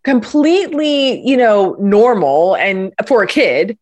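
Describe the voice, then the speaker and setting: Woman on a podcast, lively storytelling, explains stuff with lots of energy. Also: mid-range voice, slow. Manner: animated storyteller, explains with enthusiasm. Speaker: guest, parenting coach. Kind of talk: conversational interview.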